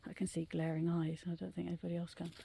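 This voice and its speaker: A middle-aged woman casually telling ghost stories on a night walk through the woods, often dropping into a hushed whisper. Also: on the low side, completely flat delivery, fast, gravelly, background noise. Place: woodland trail outdoors at night.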